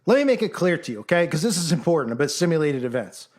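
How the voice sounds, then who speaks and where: High-voiced man, combative and mocking. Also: very animated, quick pace. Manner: combative, mocking, rhetorical questions; acts out critics in mock voices. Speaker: commentator. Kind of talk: argumentative monologue.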